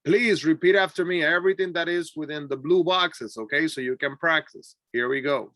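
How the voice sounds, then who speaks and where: A man who speaks Spanish as his first language, teaching an English class with clear, deliberate repeat-after-me drills and an encouraging manner. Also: fairly high pitch, pushed and bright, no room sound, clean studio sound. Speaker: ESL teacher.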